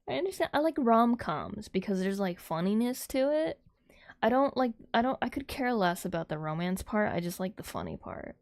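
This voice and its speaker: A woman chats casually on a livestream with her viewers, rambling from thought to thought and breaking into giggles often. Her voice has a noticeable gravelly fry. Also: fairly high pitch, big pitch swings, normal speed, a little mellow. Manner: rambling, giggly, frequent laughter and restarts.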